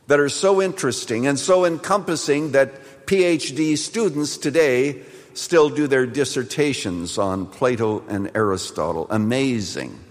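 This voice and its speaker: A male pastor delivers a sermon at an unhurried, deliberate pace, leaning on repeated phrases for emphasis. His voice sits at an ordinary pitch for a man. A long reverb from the church sanctuary trails behind each line.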